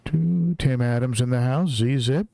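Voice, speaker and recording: A chatty middle-aged man hosting a casual live stream, reading out viewers' names one after another. His voice sits at an ordinary male pitch, and the recording is dry and close, with no room sound around it. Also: takes it slowly, creaky, mellow, dry recording. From Southern California. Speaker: livestream host. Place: home, in Tennessee.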